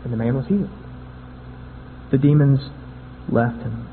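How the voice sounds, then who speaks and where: A man's voice: mid-range voice, fairly even intonation, measured pace, a little hiss or hum. A man preaching a sermon in a conversational way, often repeating and restarting words. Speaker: pastor. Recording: tinny phone-like sound with long hall echo.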